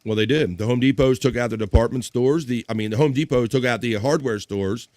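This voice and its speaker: A man's voice: medium pitch, brisk, a little mellow, no room sound, studio quality. Chatty male livestream host. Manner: chatty, reads viewer comments aloud. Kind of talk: casual livestream chat.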